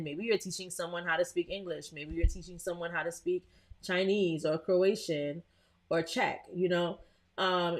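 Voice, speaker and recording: A young woman walks viewers through a screen-share tutorial in a relaxed, conversational way. Her voice sits a little low, and she often restarts a phrase or pauses with an um. She speaks straight to the people watching live. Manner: chatty, talks to live viewers, frequent "um" and restarts.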